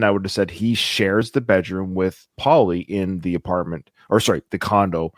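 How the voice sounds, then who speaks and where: A man with a lowish voice and brisk delivery hosts a casual film podcast, chatting and thinking aloud as he goes. He frequently restarts his sentences. The studio-quality recording has no echo.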